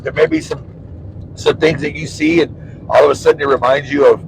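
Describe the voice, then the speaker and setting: A man with a gravelly, somewhat high voice speaks earnestly in slow, halting phrases. He hosts a casual chat from a moving car, with a faint engine rumble underneath. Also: fairly even intonation, rough recording. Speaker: host.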